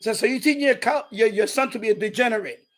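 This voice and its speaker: A man hosting a livestream, casually and bluntly retelling a quarrel with a neighbor, with profanity and animated quoted lines. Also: high voice, fast talker. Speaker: radio hobby livestream host.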